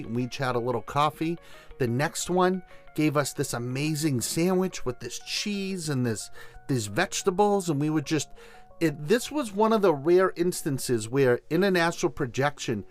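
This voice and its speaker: A man hosting a show, telling a story and giving tips in an enthusiastic, conversational way. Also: on the high side. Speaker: host. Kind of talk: casual storytelling and instruction.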